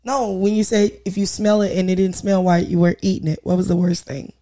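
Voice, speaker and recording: A woman co-hosting a casual chat, reacting with loud exclamations and recounting her childhood. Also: mid-range voice, steady tone, a little fast. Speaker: co-host.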